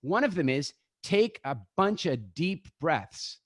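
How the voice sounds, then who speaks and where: A man speaking as a guest in a live online talk over a video call. He is animated, acts out little scenes and speaks straight to his audience. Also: on the high side, slow, no room sound, studio quality.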